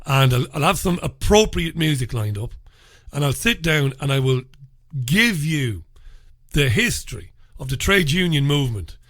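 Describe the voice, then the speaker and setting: A man's voice: fairly high pitch, very animated, normal speed, fairly bright tone, no room sound, clean studio sound. A man with an Irish accent hosting a solo talk radio show, chatty and opinionated with informal asides. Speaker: radio host. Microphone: studio microphone.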